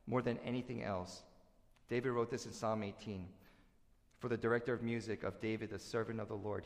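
A man preaching a sermon as pastor, swinging between hushed scripture reading and loud, animated exhortation. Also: medium pitch. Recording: long hall reverb.

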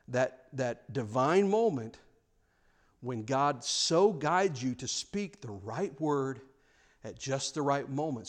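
A male pastor preaching a sermon in an earnest, frank way, often repeating words as he presses a point. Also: medium pitch.

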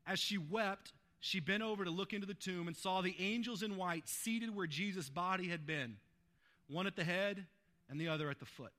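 A man's voice: high voice, normal speed, sharp tone. A man pastor preaching a sermon, retelling a scripture passage in a conversational way and often adding "right?" to check in with listeners.

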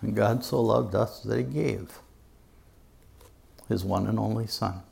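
Gravelly earnest male preacher. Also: fairly low pitch, darkish tone. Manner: earnest, emphatic, with dramatic pauses. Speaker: pastor. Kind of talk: sermon. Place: church before a congregation.

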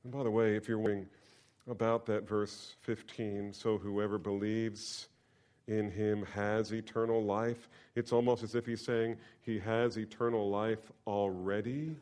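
A man preaching a sermon to his congregation, swinging between loud emphatic bursts and hushed near-whispers and leading them in call-and-response. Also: lowish voice, little pitch movement, unhurried. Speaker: pastor. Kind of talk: expository sermon.

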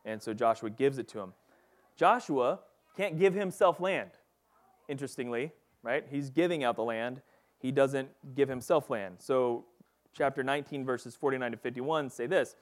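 A man's voice: mid-range voice, lively intonation, moderate pace. A man giving a casual, conversational Bible teaching, reading passages and talking them through with lots of fillers. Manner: casual and chatty, with frequent fillers like "like" and "you know".

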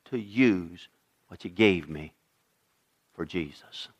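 A man preaching a sermon as pastor, swinging from quiet intensity to loud emphasis and putting questions to his congregation. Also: low voice, lively intonation, slow. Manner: dramatic shifts in volume, acting out voices.

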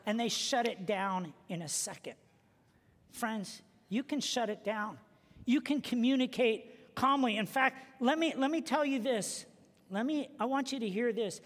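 A man preaching a sermon as pastor, telling stories with humor and animated delivery. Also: extremely high pitch, moderate pace. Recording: long reverb of a large hall.

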